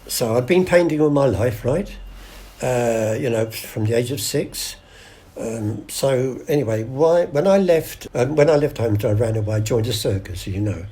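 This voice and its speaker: A man's voice: mid-range voice, lively intonation, a little slow, dark tone. An older man, telling stories in a casual interview and acting out the voices of people in them. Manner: chatty yarn-spinner acting out voices, many restarts. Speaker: guest storyteller.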